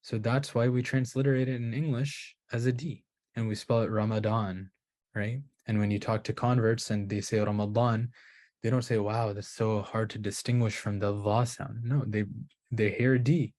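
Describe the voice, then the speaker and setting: A man's voice: fairly low pitch, fairly even intonation, normal speed, darkish tone. A man giving a lecture on Qur'an pronunciation, thinking aloud with restarts and checking in with "right?". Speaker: Qur'an recitation teacher. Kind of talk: explanatory lecture.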